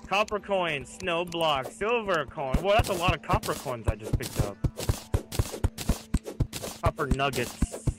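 A young man chatting casually while playing a game, playful and excitable. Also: a little high, a little slow, long pauses, over loud music. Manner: playful, excitable, says silly things. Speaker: gaming guest.

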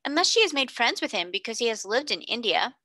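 Casting: a woman playing a meek, fluttery spinster sister from a storybook, pitched high and bright. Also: sing-song, quick pace, no room sound, clean studio sound, full character voice. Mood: flustered. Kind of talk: audiobook character reading.

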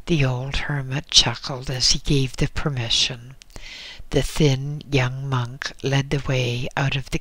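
A man narrating a book in a slow, measured reading. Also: medium pitch, a bit bright, dry recording. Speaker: audiobook narrator. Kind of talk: scripted narration.

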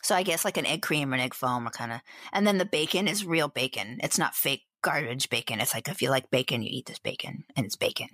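A playful, chatty woman co-hosting a podcast with a low voice. She describes what she tastes with lively, casual humor. The sound is dry and close to the mic. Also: fast, few pauses, no room sound. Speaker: podcast co-host. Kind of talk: casual chat, live taste test.

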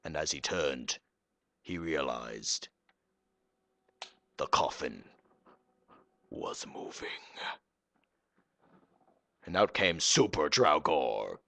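A man's voice: a bass voice, expressive, drawn-out words, creaky, pauses often, a bit bright, dry recording, voice pushed down, exaggerated voice. A man doing a dramatic storybook narrator voice while playing a game live. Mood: ominous. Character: solemn epic male storybook narrator.

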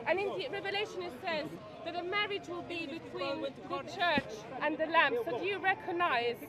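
A woman debating in the street, insistent, reading scripture slowly and pressing for an answer. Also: very high-pitched. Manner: insistent, quotes scripture deliberately. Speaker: christian debater. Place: busy outdoor street. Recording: outdoor street recording with crowd noise.

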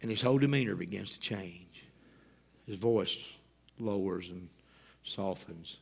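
A man preaching at a revival, telling a story in an animated way with wry, self-mocking humor. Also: low-pitched, unhurried, creaky, long pauses, slightly rough. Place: church sanctuary.

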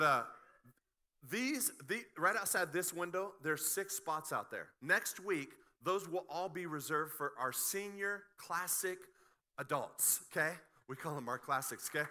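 A middle-aged man pastor preaching a sermon, animated and joking, with frequent restarts. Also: sits high. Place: church sanctuary.

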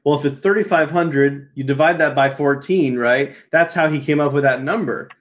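A man's voice: on the high side, moderate pace, highs cut off. A man hosting an interview, summing up and explaining his guest's point in a conversational way. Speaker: host.

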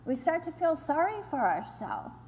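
A woman's voice: high voice, normal speed, slight background noise. A woman giving a sermon to a women's gathering, earnest and teaching, sometimes acting out complaining voices. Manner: earnest, acts out quoted complaints in lively voices. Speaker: women's ministry speaker. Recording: roomy hall with faint ambience.

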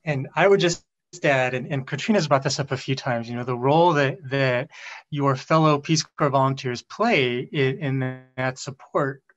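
A man speaking as a panelist, measured and thoughtful. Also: mid-range voice, fairly bright tone, lo-fi sound. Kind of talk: panel discussion.

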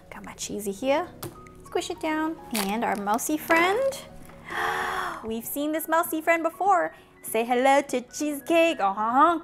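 A young woman hosting a toy unboxing video, excitable and playful, gasping at each reveal. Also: fairly high pitch. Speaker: toy unboxing channel host.

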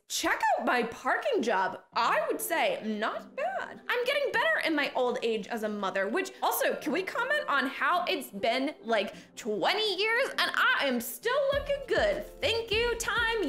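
Excitable high-voiced woman narrating a game. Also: measured pace. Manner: gushing, excitable, gasping often. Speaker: host and role-play narrator. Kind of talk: game role-play narration. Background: background music.

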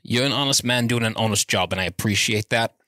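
A man's voice: fairly low pitch, fast, pushed and bright, dry recording, clean studio sound. A man voicing an irritable, blustering male inspector, with a put-on Australian accent that slips into British, rambling and stalling with fillers. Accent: put-on Australian slipping into British.

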